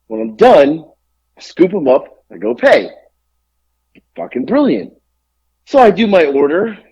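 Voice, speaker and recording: Animated, profane ranting man. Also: fairly high pitch, measured pace, slightly rough, lo-fi sound. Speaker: podcast co-host. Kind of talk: casual storytelling rant.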